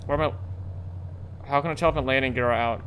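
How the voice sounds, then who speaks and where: A man's voice: medium pitch, steady tone, normal speed, a bit bright, a little hiss or hum. A young man streaming a flight game, rambling and getting frustrated with his controller. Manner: frustrated, rambling, self-interrupting. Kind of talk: casual live-stream chat while gaming.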